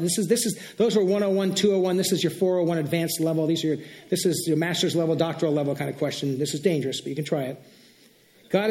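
A male pastor preaching a conversational sermon, often dropping into soft, quiet spoken prayers. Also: a little high.

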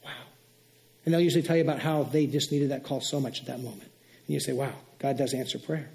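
A male pastor preaching a conversational sermon, often dropping into soft, quiet spoken prayers. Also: mid-range voice, fast, creaky.

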